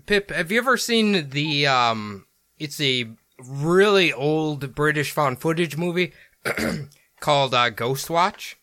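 Easygoing American man, bright voice. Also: fairly high pitch, animated, takes it slowly, dry recording. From Minnesota, United States. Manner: rambling, easygoing, laughs often. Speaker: podcast co-host. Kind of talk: casual chat.

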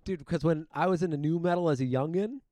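A man's voice: fairly high pitch, fast, mellow, dry recording. A young man, co-hosting a casual podcast, laid-back and swearing freely, calling everyone dude. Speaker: podcast co-host. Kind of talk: casual crude banter.

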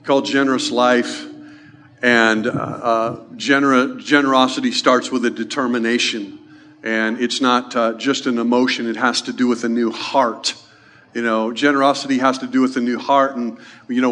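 A man pastor with a mid-pitched voice leads his church in a casual, unpolished way. He talks with many fillers and restarts as he introduces a testimony. He then moves into prayer in the same plain manner. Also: fairly bright tone. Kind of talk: sermon and prayer.

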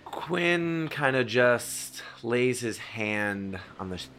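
A man playing a tabletop game, excitable and playful. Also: medium pitch, takes it slowly, slight background noise. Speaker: player. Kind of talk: casual tabletop game play.

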